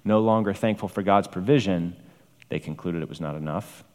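A man's voice: low-pitched, fairly quick, darkish tone. A man preaching a sermon with emphatic, varied delivery, rising to exclamations. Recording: long hall reverb.

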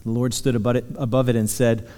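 A man's voice: mid-range voice, flat delivery, fast, mellow. A man preaching a sermon, earnestly reassuring his listeners and reading scripture aloud. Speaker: pastor. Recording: hall reverb.

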